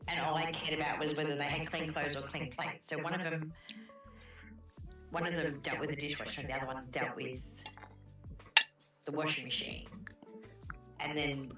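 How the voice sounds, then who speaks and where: An Australian woman hosting a relaxed stream, chatting casually and giggling while she draws at home. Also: low voice. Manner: chatty, giggly, self-deprecating. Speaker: stream host and artist. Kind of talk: casual chat while drawing. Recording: echoey room.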